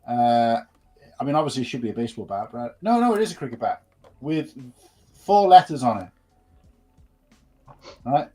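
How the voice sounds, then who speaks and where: A man's voice: mid-range voice, lively intonation, normal speed, pauses often, dark tone, soft background music. A man co-hosting a live stream, chatting casually and rambling through restarts and fillers. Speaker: co-host.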